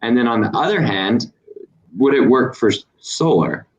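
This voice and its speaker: A man moderating a panel discussion, asking measured questions with some hesitation. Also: medium pitch, expressive, highs cut off.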